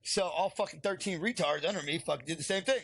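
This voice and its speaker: A retired Marine sergeant, guesting on an interview podcast, speaks bluntly and with heavy profanity, laughing as he tells stories. His gravelly voice is on the high side, quick, forceful and edgy. The recording is close and dry, with no room sound.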